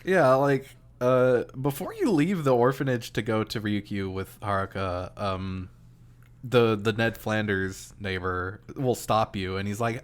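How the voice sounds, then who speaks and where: A man co-hosting a podcast, talking casually and laid-back about a video game, sometimes slipping into high voices to quote characters. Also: measured pace. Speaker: podcast co-host.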